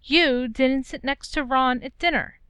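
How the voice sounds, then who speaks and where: A woman reading a story aloud and voicing a warm, bossy, fussing mother in her middle years. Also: high voice, a little slow, clear, resonant tone, dry recording, voice pushed up. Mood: motherly. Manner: fussing, firm, affectionate.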